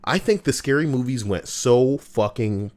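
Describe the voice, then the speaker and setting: A man's voice: mid-range voice, animated, unhurried, darkish tone. A man streaming, reading internet posts aloud and chatting casually, swearing and drifting into asides. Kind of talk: casual livestream chat.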